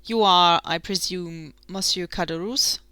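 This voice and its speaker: A woman voicing a guarded male priest with an Italian accent, asking measured, probing questions. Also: on the low side, bright, forceful tone, clean tone, dry recording.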